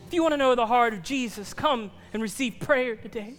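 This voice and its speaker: A man preaching an altar-call sermon, earnest and pleading, sometimes dropping to soft near-whispers. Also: very high voice, brisk, long reverb tail, soft background music. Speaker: pastor.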